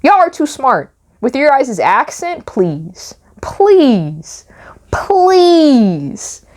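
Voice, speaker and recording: A young woman who writes books, commenting on a news story in a casual vlog, animated and exasperated, repeating phrases for emphasis. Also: high-pitched, slow. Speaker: YouTube commentator and author.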